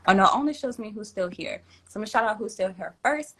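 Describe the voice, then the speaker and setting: A woman's voice: mid-range voice, lively intonation, fast, few pauses, a bit bright. A woman hosting a tarot livestream from home, chatting casually in slang, laughing often and reading out viewer comments.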